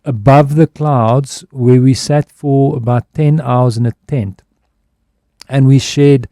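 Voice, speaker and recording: A man's voice: mid-range voice, fairly even intonation, slow, dark tone, dry recording, clean studio sound. A man speaking as a guest on a radio interview, talking in a reflective, candid way and often restarting his phrases. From South Africa. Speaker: guest, advertising executive. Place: radio studio. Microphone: studio microphone.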